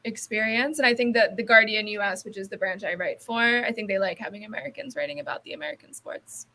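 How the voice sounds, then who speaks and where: Bright-voiced woman soccer writer. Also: on the high side, quick pace. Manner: thoughtful, hedging with fillers, laughs easily. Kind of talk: casual podcast chat.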